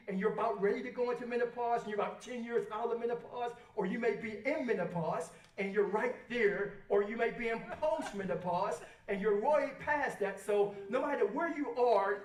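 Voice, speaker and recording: A woman speaking at a rally, coaching the audience and asking them to repeat her lines. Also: on the high side. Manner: repetitive, coaching, has the crowd repeat lines. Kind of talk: motivational talk to an audience. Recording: echoey hall, voice far from the mic.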